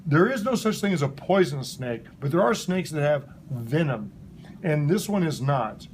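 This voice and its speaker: Animated man teaching kids science. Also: a little high, normal speed, a little hiss or hum. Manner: animated, playful, asks kids questions. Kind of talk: classroom science lesson. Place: elementary school classroom.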